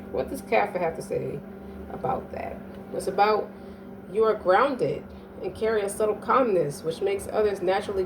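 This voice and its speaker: A woman's voice: medium pitch, creaky. Brief: woman reader, blunt and profane, talks from a distance from the mic over light room noise. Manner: profane, emphatic, keeps asking "you dig?". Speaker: astrology reader. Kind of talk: casual monologue reading.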